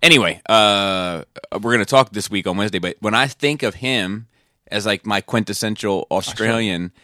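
Low, bright-voiced man in loose chat. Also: moderate pace, no echo, studio quality. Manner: rambling, swears freely, restarts often. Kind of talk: casual chat.

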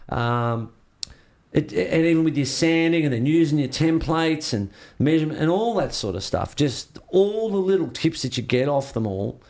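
A man's voice: a little high, lively intonation, moderate pace. A man with an Australian accent, a surfboard shaper, telling rambling stories in a casual interview and acting out the reactions he quotes.

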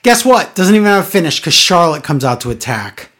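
A woman's voice: lowish voice, sing-song, fairly quick, a bit bright. A woman co-hosting a casual podcast, recapping a wrestling broadcast in an exasperated, sarcastic way. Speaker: podcast co-host.

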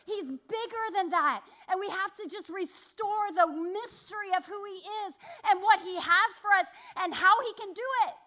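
A woman delivers a sermon in a high voice, folding candid personal stories into her message. Her tone is bright and a little sharp, and she pokes fun at herself as she talks. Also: moderate pace, hardly any pauses. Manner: candid, self-deprecating storytelling with laughs. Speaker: church speaker.

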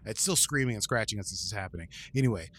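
A man co-hosting a podcast, recapping an episode casually and acting out the characters' lines in quick voices. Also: fairly low pitch. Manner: animated, acts out quotes in voices.

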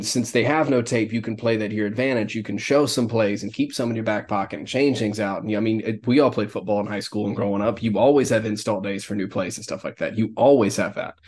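A man's voice: lowish voice, a little mellow. A man co-hosting a sports podcast, giving opinionated, rambling takes in casual chat and often laughing. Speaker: podcast co-host.

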